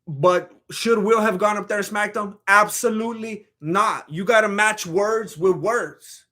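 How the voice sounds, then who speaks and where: Male comedic host, very high-pitched, bright and tense, excitable stammerer. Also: measured pace. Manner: animated, swings between loud outbursts and low mutters; stammers and restarts. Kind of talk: comedic commentary with a sponsor read.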